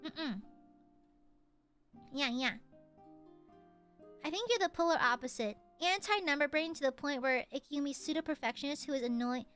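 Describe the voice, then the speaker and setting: A woman's voice: high-pitched, normal speed, long pauses, fairly bright tone, soft background music. A woman streamer chatting casually with viewers, giggly and playful with lots of fillers.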